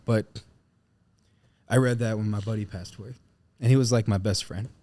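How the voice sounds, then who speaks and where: A man with a somewhat low voice co-hosts a casual podcast. He talks openly, reads a passage aloud and gets emotional. He swears now and then. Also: steady tone, normal speed, pauses often, dark tone. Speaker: podcast co-host.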